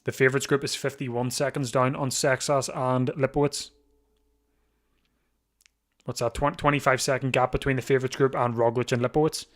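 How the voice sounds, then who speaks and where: A man's voice: mid-range voice, level tone. A man hosting a live watch-along of a bike race, chatting casually with frequent restarts, sleepy and yawning. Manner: chatty, thinks aloud with restarts, quick to laugh. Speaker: live stream host.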